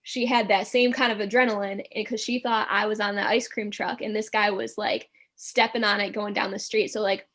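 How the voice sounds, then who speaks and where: A young woman telling a story as a podcast guest, animated and acting out the quotes, with many filler words. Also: medium pitch, a little fast, hardly any pauses. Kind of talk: casual storytelling.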